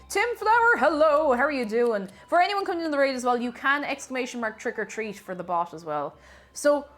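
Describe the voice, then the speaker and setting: A woman chatting casually on a live stream from her home kitchen, her voice sitting a little high. She greets viewers by name and playfully repeats her own phrases. Quiet music plays faintly behind her. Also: big pitch swings, fairly quick.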